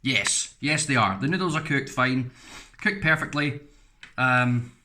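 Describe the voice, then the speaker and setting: A man's voice: mid-range voice, unhurried, bright, forceful tone, a little hiss or hum. Frank, chatty English man reviewing food. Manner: frank, rambling, chatty asides. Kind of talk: casual product review.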